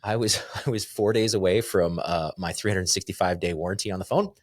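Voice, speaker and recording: A man's voice: low voice, fairly quick, no echo, studio quality. A middle-aged man from North Idaho, a guest speaker telling stories in a casual podcast chat, laughing often and acting out dialogue. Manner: animated storyteller, laughs often, acts out dialogue.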